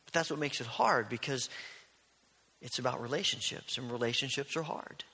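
A male pastor preaching a sermon, telling stories earnestly and dropping to a hush on key lines. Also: mid-range voice, normal speed, husky. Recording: long reverb of a large hall.

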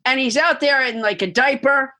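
Brief: talkative storytelling woman, slightly high voice, easy and amused. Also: normal speed, sharp tone. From Massachusetts, USA. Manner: anecdotal storyteller, amused, chatty. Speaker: guest. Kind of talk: casual chat.

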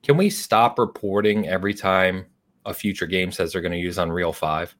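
A man hosting a casual podcast, ranting with animated, stop-start phrasing. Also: sits low, moderate pace. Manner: ranting, animated, many restarts. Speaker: podcast host. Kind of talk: casual chat.

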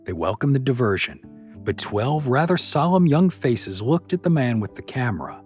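Expressive male storyteller, lively pitch. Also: soft background music. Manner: expressive, measured. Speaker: podcast reader. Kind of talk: storytelling narration.

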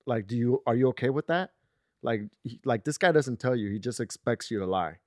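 A male podcast host with a medium-pitched voice speaks fairly quickly in a casual chat, animatedly telling stories and acting out quotes with rising intensity. The studio sound is clean, with no room sound.

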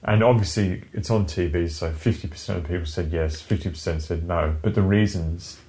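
A man's voice: low-pitched, a little fast, dark tone. A man co-hosting a casual podcast chat, rambling, swearing freely and laughing often. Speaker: podcast co-host.

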